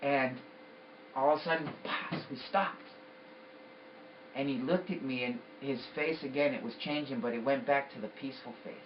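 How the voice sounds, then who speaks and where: A man's voice: medium pitch, moderate pace, recorded from a distance, muffled recording, slight background noise. A man giving an intense, emphatic personal testimony about a vision. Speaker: storyteller.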